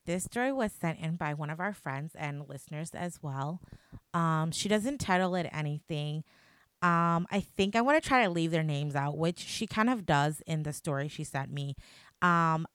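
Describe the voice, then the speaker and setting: A woman's voice: fairly low pitch, smooth, dry recording, studio quality. A young woman hosting a podcast, telling a personal ghost story in a chatty, emotional way full of fillers. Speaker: podcast host. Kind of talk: casual storytelling.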